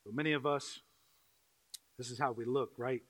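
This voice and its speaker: A man pastor preaching a sermon, shifting from quiet, slow reflection to loud, pleading intensity. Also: steady tone, rough recording. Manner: swings from quiet and slow to loud, high-pitched impassioned pleading.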